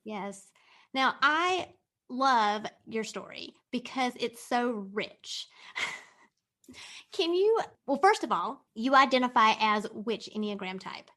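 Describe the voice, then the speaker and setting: A woman hosting an interview podcast, bubbly and quick to laugh, with a slight country twang. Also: a little high, big pitch swings, sharp tone. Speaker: podcast host.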